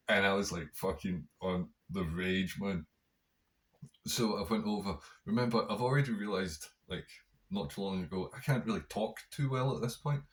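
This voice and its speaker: A man with a Scottish accent, hosting a podcast, tells a story in a casual, animated way and swears a lot. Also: low-pitched. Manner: heavy swearing, animated, conversational. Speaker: podcast host.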